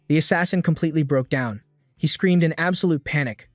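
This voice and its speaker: A man narrating a scripted story recap with a steady storytelling delivery. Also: a little high, a little fast, no echo, clean studio sound, faint music behind.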